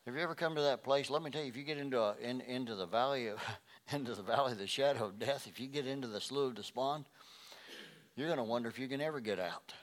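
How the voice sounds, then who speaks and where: Preaching at a quick pace, a male pastor moves from loud, emphatic climbs to hushed, low stretches of his sermon, frequently repeating words when he starts phrases over.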